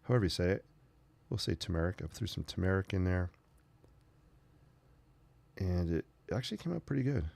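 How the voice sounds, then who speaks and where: Low gravelly man chatting while painting. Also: lively intonation, brisk, pauses often, a little mellow. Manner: rambling, chatty asides. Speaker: sketching channel host. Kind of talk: casual painting tutorial.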